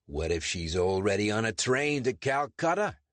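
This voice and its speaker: A man's voice: lowish voice, big pitch swings, moderate pace, no echo, voice pushed up. A man voicing a cautious, impatient American agent in an audiobook, blunt in manner. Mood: wary.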